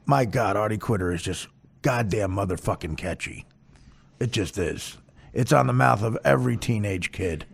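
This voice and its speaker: A man hosting a podcast, talking in a casual, rambling monologue full of crude, profane jokes and deadpan asides. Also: mid-range voice, vocal fry. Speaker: podcast host.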